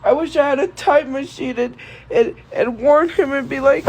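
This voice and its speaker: A young woman streamer speaking to viewers in a tearful, halting way, grief-stricken and repeating herself. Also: high-pitched, a little mellow, rough recording. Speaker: live streamer. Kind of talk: emotional monologue to viewers.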